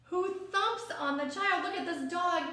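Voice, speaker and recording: High soft-spoken woman reading a kids picture book, slow and gentle, asks lots of questions, super echoey room. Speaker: storyteller.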